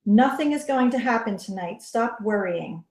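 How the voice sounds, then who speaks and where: A woman's voice: medium pitch, expressive, moderate pace, darkish tone, close to an everyday voice. A woman reading the lines of a determined young witch who speaks to her lover in a reassuring, guarded way. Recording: roomy echo.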